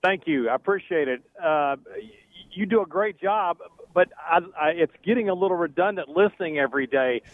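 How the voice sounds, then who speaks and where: A man calling in to a talk radio show, talking in a halting, stammering way over a tinny phone line. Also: on the high side, lively intonation. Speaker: caller.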